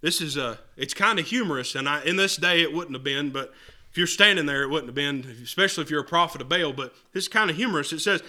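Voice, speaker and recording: A man's voice: fairly high pitch, fast, sharp tone. A man preaching an earnest sermon, reading scripture aloud and often restarting his words.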